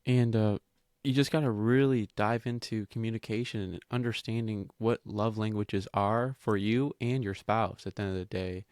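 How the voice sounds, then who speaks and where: A man hosting a podcast, calmly affirming his guest and asking interview questions. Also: fairly low pitch, normal speed, no echo, clean studio sound. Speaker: podcast host.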